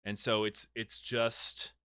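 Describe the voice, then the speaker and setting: A man co-hosting a casual chat, retelling a film plot in an animated way, swearing and laughing often. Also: fairly low pitch, takes it slowly, clean tone, dry recording, studio quality. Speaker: podcast co-host recapping a film.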